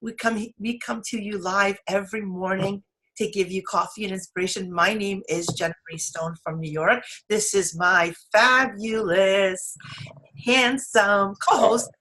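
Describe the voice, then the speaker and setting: A woman's voice: mid-range voice, fairly even intonation, measured pace, bright, forceful tone. A woman co-hosting a casual morning motivation show, bubbly and laughing often. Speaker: co-host. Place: New York.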